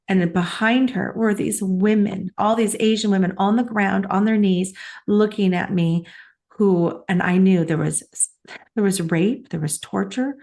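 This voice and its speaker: A woman's voice: medium pitch, fairly even intonation, a little slow, vocal fry, darkish tone. A middle-aged woman co-hosting a talk show, telling a personal story in a heartfelt, chatty way. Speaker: podcast co-host. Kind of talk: casual chat.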